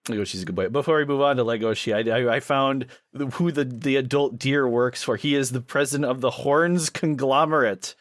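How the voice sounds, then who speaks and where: An enthusiastic man co-hosting a casual chat podcast, now and then slipping into quick impressions of the lines he quotes. His voice sits at an ordinary middle pitch. The sound is dry and close, with no room around it. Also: dry recording. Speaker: podcast co-host.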